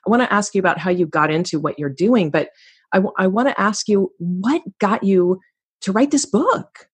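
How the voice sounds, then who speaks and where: A woman's voice: mid-range voice, expressive, moderate pace, slightly rough. A woman hosting a podcast interview, speaking with effusive enthusiasm. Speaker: podcast host. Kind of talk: interview conversation.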